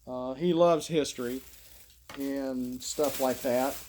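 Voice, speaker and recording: A man's voice: medium pitch, fairly even intonation, slow, darkish tone, a little hiss or hum. A man with an Alabama Southern accent, rambling through a folksy, meandering vlog monologue. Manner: meandering, folksy, self-deprecating. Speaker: vlogger.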